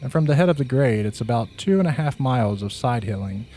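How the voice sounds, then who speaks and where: A man narrating a first-person horror story in a slow, measured, hushed way. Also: mid-range voice, expressive, soft background music.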